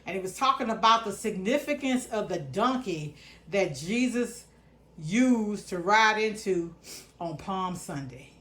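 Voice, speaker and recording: A woman's voice: medium pitch, lively intonation, measured pace, fairly bright tone. A middle-aged woman, chatting casually through a grocery haul and talking to her viewers in a folksy way. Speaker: vlogger.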